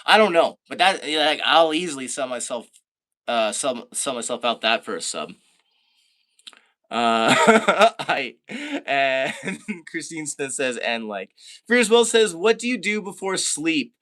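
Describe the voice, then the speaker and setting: A man from Canada chatting casually on a live stream, reading out viewer comments, laid-back and quick to laugh. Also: a little high, sing-song, bright, forceful tone.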